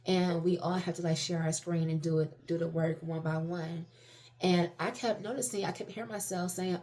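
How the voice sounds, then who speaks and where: A woman vlogger speaks at a normal pace in a lowish, a little mellow voice with fairly even intonation. Her casual monologue is candid and self-reflective, meandering with many restarts and fillers, and she swears freely.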